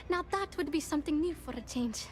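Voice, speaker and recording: A cute, squeaky game DJ. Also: female voice, slight background noise. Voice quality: cute high "uwu" voice. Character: bubbly young female DJ, cute and a bit touchy. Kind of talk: video game dialogue. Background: game music.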